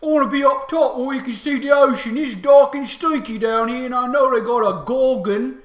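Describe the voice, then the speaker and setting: A man voicing a crude, complaining male orc soldier in a tabletop game, talking loudly and high. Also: a little fast, reverberant. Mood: whiny.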